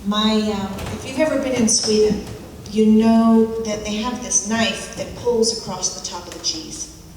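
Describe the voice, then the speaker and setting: A woman giving a reflective public talk, telling anecdotes with halting pauses and repeated key phrases. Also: medium pitch, darkish tone. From United States. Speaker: speaker at a forum. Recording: echoey hall, mic from far off, background noise.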